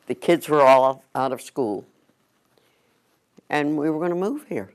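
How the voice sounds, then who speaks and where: Slow-speaking man in his nineties. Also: on the high side, clean tone. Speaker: interviewee. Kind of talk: reminiscing interview.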